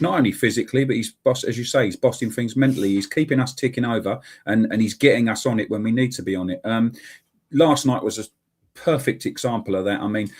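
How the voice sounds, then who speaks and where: Husky man talking football. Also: fairly low pitch, a little mellow. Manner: emphatic, repeats points. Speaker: podcast co-host. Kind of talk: casual football chat.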